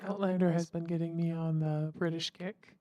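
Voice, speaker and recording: A woman's voice: on the low side, level tone, normal speed, no room sound, highs cut off. A woman co-hosting a casual podcast, matter-of-fact with a dry wit. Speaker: podcast co-host. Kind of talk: casual banter.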